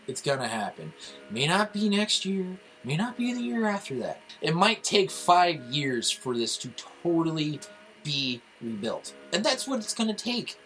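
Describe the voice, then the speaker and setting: A man's voice: a little high, bright, forceful tone, rough recording. A young man rants heatedly on a casual podcast, his voice swinging widely as he swears his way through his points. Faint music sits underneath. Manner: heated, profane, ranting. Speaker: podcast co-host.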